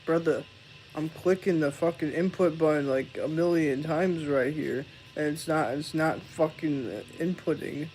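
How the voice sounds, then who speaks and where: A man's voice: fairly high pitch, measured pace, a little mellow, soft background music, rough recording. A young man live-streaming, chatting casually, swearing and laughing as he rambles.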